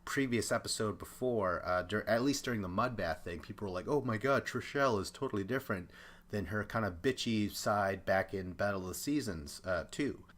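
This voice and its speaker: A man's voice: lowish voice, brisk, a bit bright. A young man hosting a podcast, giving a chatty, opinionated recap and acting out the quotes. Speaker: podcast host. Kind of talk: casual recap commentary.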